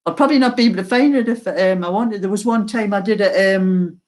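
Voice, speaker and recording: Slow-talking older Geordie woman. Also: medium pitch. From North East England. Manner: slow, chatty, laughs often. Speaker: knitting channel host. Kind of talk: casual chat to viewers.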